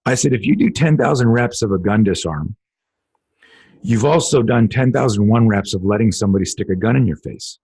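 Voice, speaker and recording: A man's voice: lowish voice, animated, brisk, a little mellow, husky. A middle-aged man, a self-defense instructor hosting a podcast, telling a story in casual, profane interview talk and acting out the dialogue.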